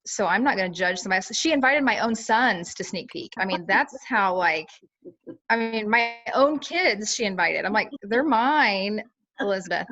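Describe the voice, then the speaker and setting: A woman's voice: mid-range voice, animated, moderate pace, pushed and bright. A woman chatting casually on a team call, full of fillers and acting out what others said. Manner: chatty, lots of fillers, acts out quoted talk. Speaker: team member sharing her experience.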